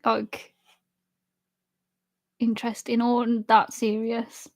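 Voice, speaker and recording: High-voiced giggly young woman streamer. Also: monotone, slow pace, darkish tone. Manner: chatty and giggly, laughs often. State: drinking alcohol. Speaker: live streamer reading chat. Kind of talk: casual chat.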